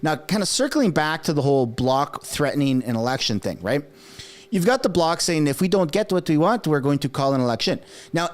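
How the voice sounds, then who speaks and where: A man whose first language is French talks through politics in a casual, animated commentary. His voice sits a little high for a man, and he keeps checking in with quick rhetorical asides as he explains. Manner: animated, conversational, frequent "right?" asides; acts out quoted speech in put-on voices.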